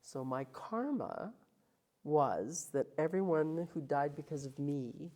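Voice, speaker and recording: A woman's voice: sits low, expressive, takes it slowly, warm tone. A middle-aged woman, a guest in an interview, retelling her life story with vivid emotion and acted quotes.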